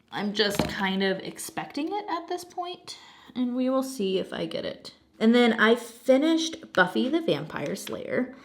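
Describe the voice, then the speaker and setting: A young adult woman with a fairly low voice hosts a craft channel, chatting casually while diamond painting. She tells animated stories, laughs often, swears now and then, and sounds a little snuffly from a lingering cold.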